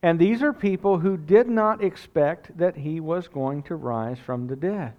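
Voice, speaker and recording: A man preaching a sermon as pastor, telling the story in a conversational, animated way with casual asides. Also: on the high side, unhurried, lo-fi sound.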